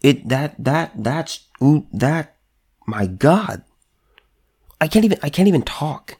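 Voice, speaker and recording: A man's voice: a little high, animated, slow pace, a little mellow, slightly rough. A man giving political commentary in a vlog, pressing hard with repeated rhetorical questions and stammering restarts when he gets worked up. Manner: emphatic, repetitive rhetorical questions. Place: California.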